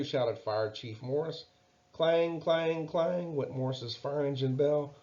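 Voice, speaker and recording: A man reads a children's Bible story in a gentle, expressive way, pausing to ask the listener questions. His pace is slow and unhurried. The recording is dull and lo-fi. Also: on the high side.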